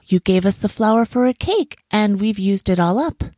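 A woman's voice: medium pitch, expressive, moderate pace, mellow, no room sound, clean studio sound, pitched above the performer's own voice, lightly acted. A woman voicing a worried mother in a storybook, speaking in a pleading tone. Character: worried mother of young daughters.

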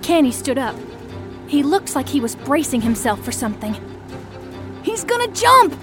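High-voiced woman narrating an audio story. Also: normal speed, over music. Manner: expressive, acts out shouted lines. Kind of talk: scripted audio story narration, first person.

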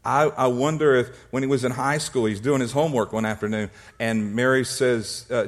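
A man preaching as a pastor, telling humorous stories and acting out little scenes, often repeating words and clearing his throat. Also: medium pitch, fast, hardly any pauses. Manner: repeats words and restarts when excited. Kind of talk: sermon.

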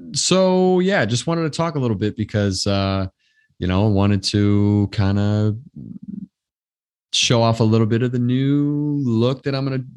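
Rambling podcast host man, low-ish voice. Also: a little mellow. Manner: rambling, loose, filler-heavy talk. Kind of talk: casual solo podcast chat.

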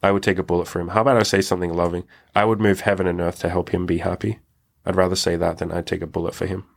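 Deep-voiced young man, frank storytelling. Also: vocal fry. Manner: frank, reflective, swears casually. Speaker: podcast host telling his own story. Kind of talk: candid personal storytelling.

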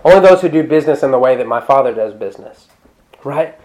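A male pastor preaching a sermon in a conversational, animated way, breaking off into asides and restarting his sentences. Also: medium pitch, quick pace, poor audio. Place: church.

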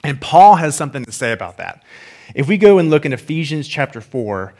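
A man's voice: on the high side, big pitch swings, a little fast, darkish tone. A man pastor leading a prayer and then telling a personal story in a sermon, talking casually with lots of fillers and repeated words.

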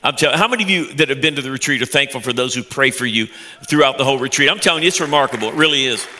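Middle-aged guy preaching, forceful bright voice, gets loud then goes soft, repeats himself when excited. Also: mid-range voice, very fast, some chatter behind, a little hiss or hum. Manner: passionate, with sudden loud rises and soft drops. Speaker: pastor. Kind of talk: sermon.

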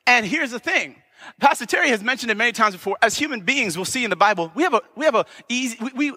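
High, bright-voiced male preacher. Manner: impassioned, rising to emphatic shouts. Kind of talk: sermon. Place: church sanctuary. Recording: long church hall reverb.

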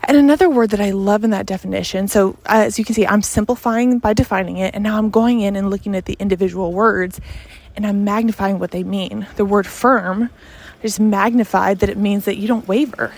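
A woman's voice: mid-range voice, steady tone, a little fast, a little mellow. A woman hosting a podcast and coaching on sales, talking in a casual monologue that is earnest and emphatic, with many "like" and "you know" asides.

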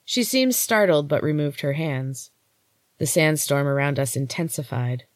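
A woman host reading a first-person story in a steady, unhurried way. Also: low-pitched, no echo, studio quality. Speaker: podcast host and story reader.

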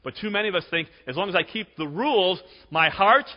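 A man's voice: high-pitched, lively intonation, fast talker. A man in his forties preaching a sermon as pastor, chatty and jokey, often tagging "right?". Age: 40s. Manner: conversational, jokey, repeats "right?". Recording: dull sound with long hall reverb.

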